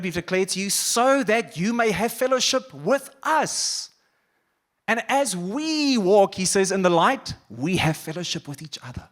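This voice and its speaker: A man preaching a sermon as pastor, animated, acting out quoted voices and dropping to quiet intensity. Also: sits high. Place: church auditorium.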